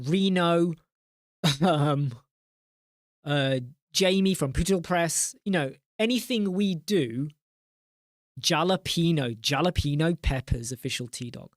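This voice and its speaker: Hosting a casual live chat, this man rambles and jokes, reading viewer names aloud in a mock-exasperated tone. His pitch is fairly high, and the recording is clean studio audio with no room sound.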